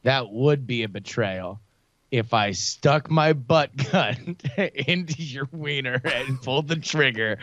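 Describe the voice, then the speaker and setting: A man playing a tabletop role-playing game, stammering and pitching silly ideas playfully. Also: measured pace, a bit bright, dry recording, muffled recording. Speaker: player. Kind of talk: improvised tabletop role-play.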